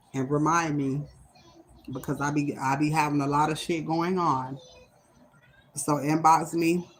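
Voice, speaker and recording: A woman's voice: low-pitched, a little hiss or hum. A woman giving a spiritual reading on a livestream, blunt and emphatic, cursing heavily, and often close to tears. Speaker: spiritual reader.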